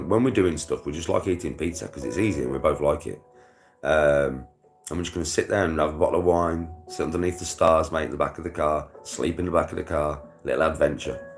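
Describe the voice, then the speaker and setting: A young British man chatting casually to his viewers, full of slang and swearing, laughing often. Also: very deep voice. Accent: British English. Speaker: vlogger. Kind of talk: casual chat to a livestream.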